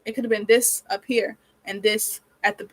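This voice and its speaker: A woman's voice: mid-range voice, steady tone, normal speed, rough recording. A nineteen-year-old woman vlogging casually while she does her hair, venting and rambling with a lot of swearing, her nose irritated and sniffly. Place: small cold bedroom with a space heater running.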